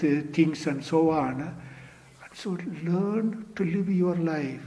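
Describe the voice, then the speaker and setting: Male Zen teacher, slightly high voice, unhurried dharma talk peppered with "you see" and soft trailing endings. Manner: fills with "you see" and "sort of", repeats phrases; drops to near-whisper at phrase ends.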